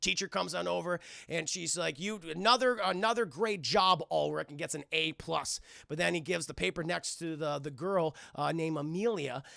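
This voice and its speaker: Gravelly, bright-toned man recapping a cartoon. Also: on the high side, fairly even intonation, no room sound, clean studio sound. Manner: acts out characters' lines in quick put-on voices, swears often; talks to his stream chat. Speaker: cartoon reviewer streaming live. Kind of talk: animated live-stream recap.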